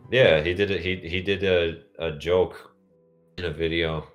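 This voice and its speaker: A man's voice: sits low, steady tone, measured pace, highs cut off, soft background music. A man co-hosting a podcast in casual chat, rambling from tangent to tangent. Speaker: podcast co-host.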